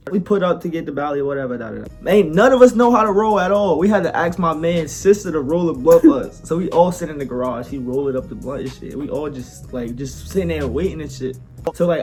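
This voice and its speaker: A man's voice: fairly high pitch, brisk, darkish tone, soft background music. Young man telling a laid-back story. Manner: laid-back slangy storytelling, often laughing. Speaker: podcast co-host. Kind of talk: casual storytelling chat.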